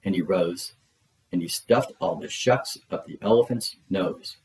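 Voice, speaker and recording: Low-voiced guy reading a rhyming kids book out loud, bouncy rhythm. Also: a little slow, rough recording. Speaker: storyteller. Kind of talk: storybook read-aloud.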